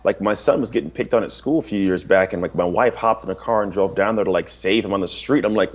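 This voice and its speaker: Husky, blunt man in candid talk. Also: sits low, fast, hardly any pauses, dull audio. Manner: blunt and emphatic, casual swearing and filler "like". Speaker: guest.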